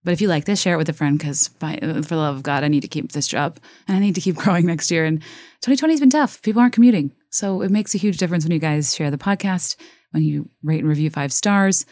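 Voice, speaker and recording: A woman's voice: deep voice, fast talker, darkish tone, dry recording, clean studio sound. A woman hosting a solo podcast, talking casually in a chatty, self-mocking way with lots of fillers and restarts. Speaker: podcast host.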